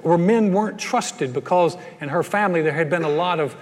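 Folksy high-voiced preacher man. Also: brisk, long reverb tail. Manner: folksy storytelling, frequent stammered repeats. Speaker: pastor. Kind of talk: sermon.

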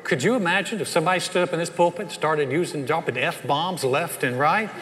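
Southern pastor telling stories in a big hall. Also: male voice, fairly high pitch, a little fast. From Southern United States. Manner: animated, acts out voices in anecdotes. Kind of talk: sermon with storytelling. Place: church sanctuary. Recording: long hall reverb.

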